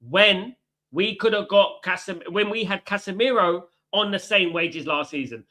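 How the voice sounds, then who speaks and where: Bright-voiced man ranting about football. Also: high voice, normal speed. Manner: chatty, shouts out viewers, fired-up football ranting. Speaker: watchalong host. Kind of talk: live stream chat with viewers. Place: indoors, hot room in Italy.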